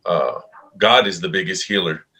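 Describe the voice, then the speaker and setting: A man with a lowish, bright voice hosts the interview. He speaks haltingly and works through his thoughts aloud with plenty of fillers. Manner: halting, many fillers, reflective. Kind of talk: interview chat.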